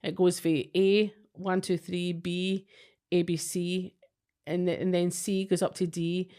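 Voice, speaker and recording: A woman's voice: on the low side, level tone, unhurried, warm tone. A Scottish woman co-hosting a podcast, telling stories in a blunt, sweary, chatty way. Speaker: podcast co-host, psychic. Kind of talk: casual chat.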